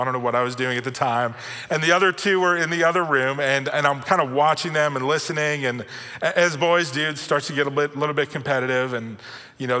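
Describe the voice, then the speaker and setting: Middle-aged male pastor, bright and slightly high, chatty self-mocking sermon, long hall reverb. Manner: conversational, self-deprecating storytelling. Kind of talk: sermon with personal stories.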